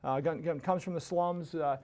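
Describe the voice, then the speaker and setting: A man's voice: on the high side, fairly even intonation, moderate pace, a little mellow. A man hosting a podcast, telling a casual story that rambles with many restarts and tag questions. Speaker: podcast host.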